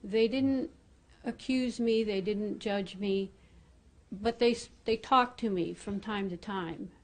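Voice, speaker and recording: A woman from the congregation giving a personal testimony in a halting, hesitant way. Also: mid-range voice. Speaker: congregation member.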